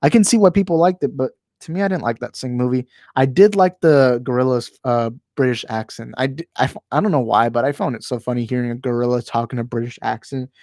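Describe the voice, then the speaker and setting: A man's voice: mid-range voice, fast talker, few pauses, darkish tone, dry recording. A man hosting a casual live-stream chat at home into a handheld microphone. He rambles, stumbles over words, restarts often and keeps apologizing for his opinions. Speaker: channel host. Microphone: handheld microphone moved closer while talking.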